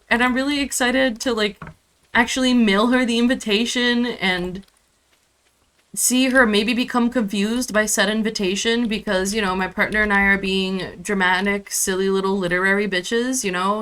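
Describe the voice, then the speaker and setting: A young woman chats her way through a live game stream at an unhurried, drawn-out pace. She rambles warmly between tasks and keeps slipping into a high, cooing baby-talk voice for her cat. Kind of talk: casual live-stream chat while gaming.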